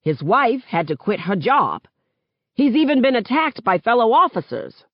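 A woman's voice: fairly high pitch, sing-song, moderate pace, no room sound, lo-fi sound, voice pushed up. A woman reading aloud, voicing a middle-aged father who earnestly complains about his family's hardship. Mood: aggrieved.

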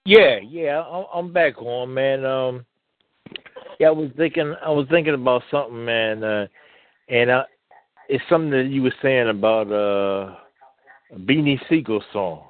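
A man talking on a casual radio show, halting and repeating words as he reminisces. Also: medium pitch. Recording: dry tinny phone-like line.

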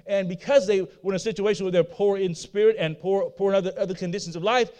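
A man's voice: high voice, steady tone, quick pace, a little mellow. A man preaching a sermon, repeating his points and putting rhetorical questions to his listeners. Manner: repetitive, asks the audience rhetorical questions.

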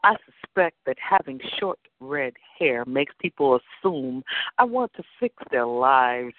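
A man narrating an erotic story in a slow, sensual reading. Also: mid-range voice, no room sound. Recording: dry phone-like sound.

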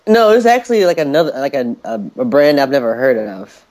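A man's voice: medium pitch, sing-song, fairly quick, darkish tone. A man co-hosting a comics podcast, chatting casually in a rambling, hesitant way. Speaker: podcast co-host. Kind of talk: casual chat.

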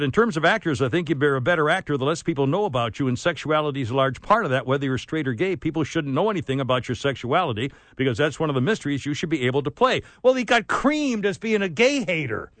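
Giggly, high-voiced radio host man. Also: a bit bright, no echo. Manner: laughs often, exclamatory, banters. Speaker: radio talk show host. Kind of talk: casual radio talk.

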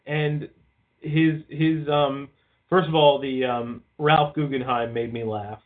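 A male podcast co-host speaks slowly with a medium pitch and fairly even intonation. His casual talk wanders, full of swearing and constant "like"s, and the audio sounds tinny, as if over a phone.

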